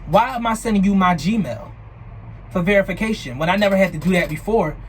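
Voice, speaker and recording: High-voiced young man telling a story. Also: a little fast, slight background noise, poor audio. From New Jersey. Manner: animated, profane, retelling chats with quoted lines. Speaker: vlogger. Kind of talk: casual storytime.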